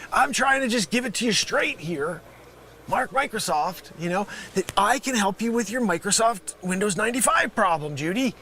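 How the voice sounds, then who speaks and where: A man improvising a comedy sketch as a fake phone scammer, insulting his caller, swinging from shouting to muttering, in a put-on New York accent. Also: high voice, lively intonation, normal speed, slight background noise.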